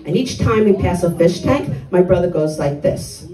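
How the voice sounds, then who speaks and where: A woman's voice: fairly low pitch, expressive, moderate pace, hardly any pauses, roomy sound, distant mic, rough recording. Older woman with blunt stand-up one-liners. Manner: blunt, dark one-liners with punchy delivery. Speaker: stand-up comedian. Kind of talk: stand-up comedy set. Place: comedy club stage.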